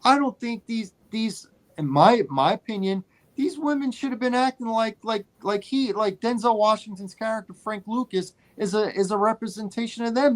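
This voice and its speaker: A man co-hosting a casual movie podcast, telling a story in an animated way and repeating phrases for emphasis. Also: high-pitched, normal speed. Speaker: podcast co-host.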